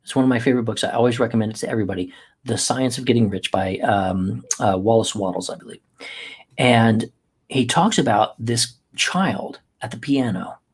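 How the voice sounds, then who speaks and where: A man's voice: mid-range voice, normal speed, husky. A man hosting a podcast, delivering an emphatic motivational monologue that repeats key phrases to exhort the listener. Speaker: podcast host.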